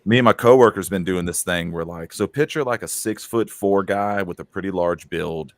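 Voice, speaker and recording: A man's voice: sits low, normal speed, no room sound, clean studio sound. A man co-hosting a casual podcast chat, telling rambling stories and mimicking coworkers. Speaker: podcast co-host.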